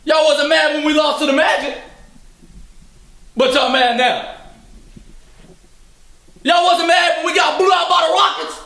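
A man impersonating a loud, cocky basketball star who trash-talks his teammates in a very high, bright voice with lively swings. He yells constantly, and the echo of a bare room rings around him. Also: a little slow, vocal fry, pauses often, heavily acted. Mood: angry. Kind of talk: comedy sketch. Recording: echoey room.

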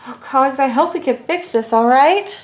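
A woman's voice: high-pitched, expressive, normal speed. A woman voicing a worried little toy rider who pleads anxiously for help during toy play.

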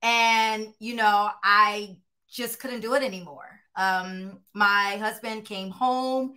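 A woman's voice: mid-range voice, fairly even intonation, takes it slowly, pushed and bright. A woman in her thirties with a Philadelphia accent, telling her story as an interview guest in a candid, easygoing way and laughing easily. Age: 30s. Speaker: guest, producer and director.

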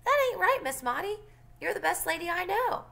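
A woman's voice: very high-pitched, big pitch swings, moderate pace, gravelly, pushed and bright, pitched above the performer's own voice, full character voice. A woman voicing a feisty, outspoken young girl who talks back indignantly. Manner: indignant and defiant.

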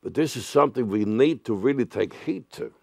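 A man preaching a sermon as a pastor, speaking earnestly and deliberately with repeated phrases and sudden loud outbursts. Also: medium pitch, lively intonation, vocal fry, no room sound, clean studio sound.

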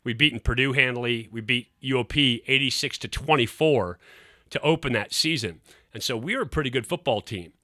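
A man's voice: medium pitch, brisk, no room sound, studio quality. A middle-aged man, a former quarterback hosting his show, telling a story casually and acting out the quotes. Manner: animated, acts out quotes.

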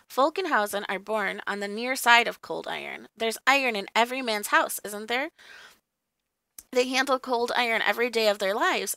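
A woman's voice: on the high side, gravelly, pushed and bright, no room sound. A woman voicing Puck, a sly, ancient male hill sprite who tells tales in a twinkling, knowing way, in an audiobook reading.

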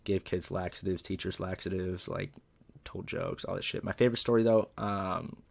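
A man's voice: low-pitched, fairly even intonation, normal speed, gravelly, breathy edge. A man from Southern California, a comedian guest, telling a story in a laid-back, profane way and saying "like" and "dude" a lot.

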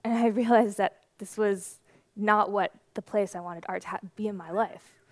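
A young woman in her twenties speaks from a conference stage into a stage microphone. She tells her story in a lively, animated way. The sound is dry and close, with almost no room echo. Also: mid-range voice, moderate pace. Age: 20s.

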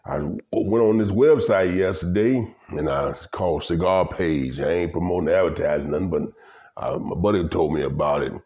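Speaking at a moderate pace in a low voice, an older vlogger from Louisiana spins folksy, animated stories for his viewers, laughing often as he rambles. The recording has its highs cut off.

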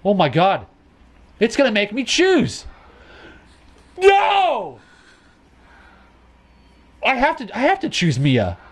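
Hyped up guy playing a horror game, yells and swears a lot, high voice jumping all over, game music behind. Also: normal speed, slightly rough. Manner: excitable, shouting, swearing, talking to the screen. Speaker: gaming channel host. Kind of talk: let's play commentary.

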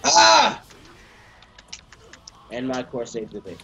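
Lively young man bickering over gaming chat. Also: a little high, fairly quick, lo-fi sound, slight background noise. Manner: bickering, casual swearing. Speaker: gamer on voice chat.

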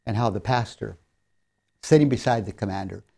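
A man's voice: on the low side, fairly quick, vocal fry. A man giving a recorded seminary lecture, telling stories in an earnest, emphatic way. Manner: earnest storyteller, warmly emphatic on key lines.

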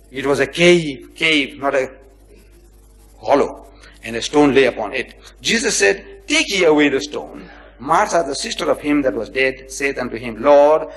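Animated man lecturing on scripture. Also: mid-range voice, low-quality recording. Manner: dramatic, rhetorical questions, acts out quoted speech; swings between loud emphasis and near-whispered asides. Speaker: lecturer on religion. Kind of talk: religious lecture reading and explaining scripture.

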